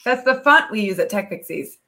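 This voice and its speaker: A woman's voice: mid-range voice, animated, fairly quick, a crowd in the background. A woman hosting a podcast interview, talking with enthusiasm and rambling through many restarts. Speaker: podcast host. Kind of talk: casual interview chat.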